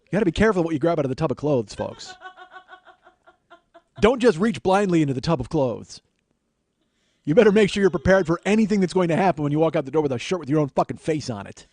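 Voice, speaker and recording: Animated, swearing male comedy podcaster. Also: on the high side, quick pace, pauses often. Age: 40s. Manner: animated, swears, laughs at himself. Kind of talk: comedic storytelling monologue.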